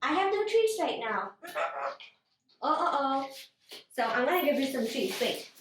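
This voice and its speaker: A woman's voice: sits high, big pitch swings, measured pace, reverberant, a little hiss or hum, low-quality recording. A young woman filming her pet parrot at home, coaxing and cooing at it in a giggly baby-talk voice. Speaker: parrot owner and vlogger. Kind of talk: casual vlog talking to a pet.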